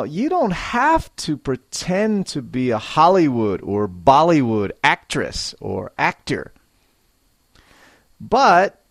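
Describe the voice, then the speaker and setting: A man teaching English in a scripted lesson, speaking clearly and acting out example sentences to show intonation. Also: on the high side, no room sound. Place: Japan.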